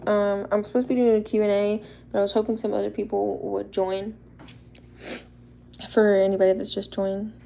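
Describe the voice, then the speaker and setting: Young woman, gravelly fry, shy and bubbly livestream host, faint room hiss behind. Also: medium pitch, little pitch movement, normal speed, long pauses, mellow. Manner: bubbly and a little shy, laughs often. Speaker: livestream host showing custom toy figures. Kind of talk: casual livestream chat.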